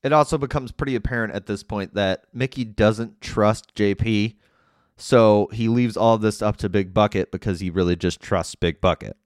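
A man with a lowish voice gives a casual movie recap. He is chatty and skeptical, questioning the plot as he goes. The sound is close and dry, with no room echo. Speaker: movie reviewer.

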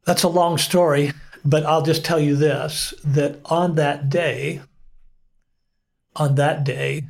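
A middle-aged male pastor telling his personal testimony as an interview guest, earnest and unhurried, with frequent pauses. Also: on the high side, fairly even intonation, creaky.

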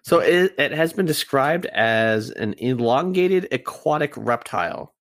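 A man's voice: medium pitch, lively intonation, measured pace, a bit bright. A man co-hosting a podcast, chatty and a little hesitant as he retells odd facts. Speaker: podcast co-host. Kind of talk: casual podcast storytelling.

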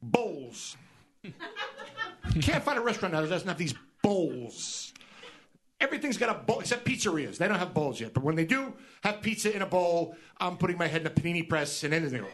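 A male host doing a comedic monologue, riffing with animated exasperation. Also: high-pitched, brisk. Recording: live audience laughter.

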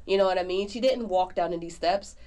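A woman's voice: lowish voice, a little fast. Chatty woman co-hosting a movie podcast. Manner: chatty, animated, lots of fillers. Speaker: podcast co-host. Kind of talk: casual movie review chat.

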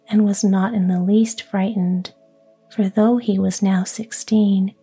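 A storyteller reads a fairy tale entirely in a whisper, her medium-pitched voice breathy, mellow and very unhurried. Soft music plays underneath.

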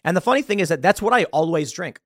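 Animated man ranting on a podcast. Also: on the high side, fast talker, no room sound, studio quality. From United States. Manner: animated, exasperated, laughs often, repeats words. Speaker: podcast host. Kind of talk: opinion commentary rant.

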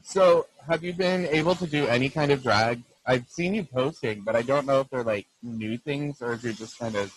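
A man's voice: mid-range voice, moderate pace, few pauses, no echo. A man hosting a podcast in casual chat, teasing and laughing often, heard through a poor-quality mic on a video call. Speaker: podcast host.

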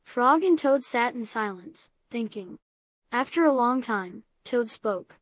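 A woman narrating a storybook aloud in a calm, deadpan way. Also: on the high side, slow pace, dry recording.

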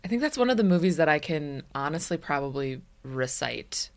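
Lively, low-voiced woman podcast co-host. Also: a little fast. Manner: easygoing, laughs often. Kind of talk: casual chat.

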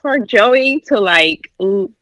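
A woman's voice: medium pitch, expressive, takes it slowly, fairly bright tone, dry recording, low-quality recording. A woman co-hosting a podcast, reacting with gushing, laughing enthusiasm in casual chat. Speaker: podcast co-host.

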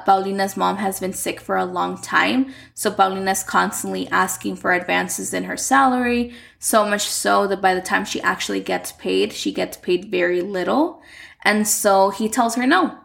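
A chatty young woman walks through a telenovela plot in a relaxed recap, leaning on "like" as she goes. Her mid-pitched voice carries a constant gravelly fry. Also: normal speed. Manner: chatty, uses "like" a lot. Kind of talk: casual story recap.

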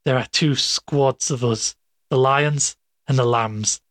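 A man voicing a smooth, domineering male doctor who talks in a persuasive, coaxing way. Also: medium pitch, fairly even intonation, slow pace, fairly bright tone, dry recording, clean studio sound.

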